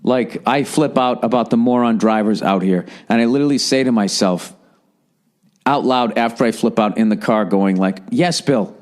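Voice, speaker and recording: A man in his forties ranting casually and profanely on a solo podcast, exasperated. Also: a little high. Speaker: podcast host.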